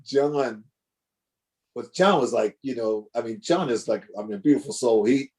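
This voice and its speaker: A man, a drummer, telling animated, rambling stories over a video call, with lots of restarts. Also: medium pitch, moderate pace. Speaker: guest drummer. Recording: choppy internet connection.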